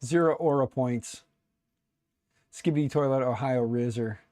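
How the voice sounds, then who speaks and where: A middle-aged man building a 3D printer chats casually on a live stream, joking, poking fun at himself and rambling as he tinkers and mutters. His medium-pitched voice is mellow and measured in pace, captured in a dry, studio-quality recording.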